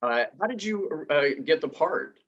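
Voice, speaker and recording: A man's voice: fairly high pitch, animated, unhurried, fairly bright tone, highs cut off. A man interviewing an actor, giving brief, friendly remarks and questions.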